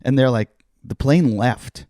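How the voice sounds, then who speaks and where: A man's voice: medium pitch, measured pace, warm tone, no echo, clean studio sound. A middle-aged man, a comedian hosting a podcast, telling a story in casual chat and acting out the other people's lines. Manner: swears casually.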